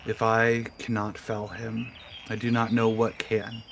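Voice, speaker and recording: A man voicing an ancient, solemn male frog chieftain in a measured, grave manner. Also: lowish voice, monotone, gravelly, noisy background.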